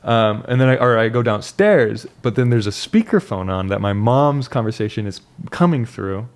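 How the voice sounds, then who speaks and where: A man's voice: medium pitch, lively intonation, normal speed. A young man talking casually and reflectively about his life, rambling with restarts and fillers. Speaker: vlogger. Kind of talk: casual personal monologue.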